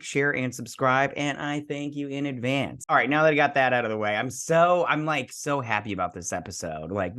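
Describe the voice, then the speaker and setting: This is an excited man in his thirties reviewing a TV episode for his own channel. His voice sits at an ordinary middle pitch. He rambles and keeps restarting his sentences, with "like" all through them. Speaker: TV show reviewer. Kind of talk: casual spoiler review.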